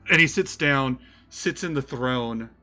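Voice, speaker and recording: A man running a tabletop game, telling the scene loosely with lots of "like" and restarts. His voice sits at a middling pitch for a man. Soft background music plays faintly. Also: a little slow. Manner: casual, filler-heavy storytelling. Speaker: game master.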